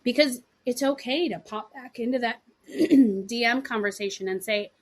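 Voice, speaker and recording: Animated woman coaching on a podcast. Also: fairly high pitch, normal speed. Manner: animated, acts out little quoted dialogues; frequent throat clearing, "right?" and "okay" asides. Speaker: podcast host. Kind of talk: solo podcast coaching talk.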